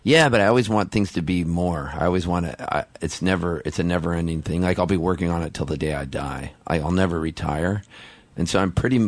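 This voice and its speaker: A middle-aged man, a musician guest in a casual radio interview, talking in an excitable, rambling way with quick restarts. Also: low voice, no echo.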